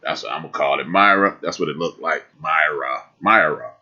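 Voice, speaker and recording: Deep-voiced guy w/ hosting a live podcast, husky, preachy, repeats himself a lot. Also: fairly quick, bright, forceful tone, highs cut off. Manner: fiery and preachy, repeats phrases for emphasis. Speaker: podcast host. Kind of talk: live-streamed talk.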